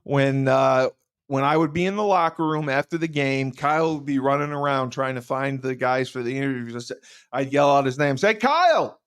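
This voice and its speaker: A man's voice: medium pitch, a little fast, clean tone. A man co-hosting a casual podcast, joking around and laughing often as he tells stories. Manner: jokey, laughs often, animated. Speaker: podcast co-host.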